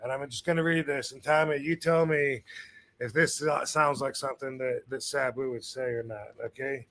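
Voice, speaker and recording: A man's voice: medium pitch, steady tone, moderate pace, a bit bright. A man hosting a podcast in casual chat, laid-back and slangy, often trailing off mid-sentence. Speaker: podcast host.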